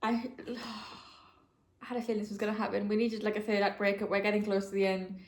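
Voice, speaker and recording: Chatting to camera about what she's reading, a young book vlogger gushes with emotion and says "like" a lot, though her medium-pitched voice comes across flat and a little fast. The casual vlog is recorded on a camera mic with a roomy echo.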